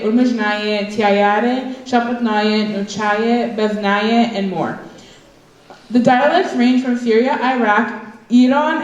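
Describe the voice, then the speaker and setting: A woman's voice: on the high side, a little mellow. Teenage girl leading a repeat-after-me lesson, echoey. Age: teens. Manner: teaches phrases slowly for the audience to repeat. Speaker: student presenter. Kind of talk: classroom presentation. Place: school event hall. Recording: echoey hall.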